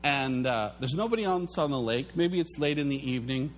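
A man preaching a sermon as pastor, telling stories in an animated way and acting out the quotes. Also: medium pitch, a little fast, a little hiss or hum. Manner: animated storytelling, acts out quotes.

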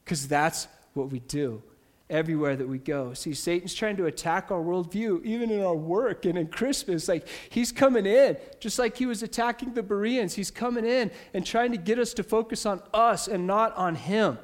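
A man preaching a sermon to his church, animated, swinging from loud emphatic bursts down to soft, quiet points. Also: high voice, moderate pace. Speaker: pastor.

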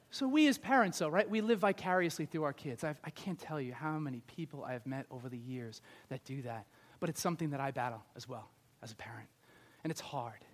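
A male pastor giving a conversational, animated sermon, acting out little scenes. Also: a little high, a little hiss or hum.

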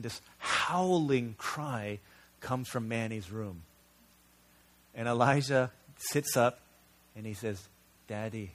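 A man preaching a sermon as a pastor, telling stories in an earnest, conversational way. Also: medium pitch.

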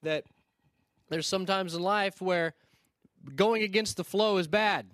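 High-voiced pastor preaching. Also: male voice, a bit bright. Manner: storytelling, conversational with quick asides and repeated starts. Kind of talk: sermon.

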